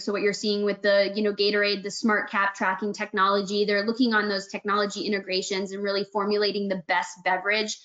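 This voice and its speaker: A woman answers webinar questions as a panel expert, laying out her points fluently and at length. Her voice comes through dull and lo-fi, as over a call, at a middling pitch. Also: a bit bright. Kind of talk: online webinar Q&A.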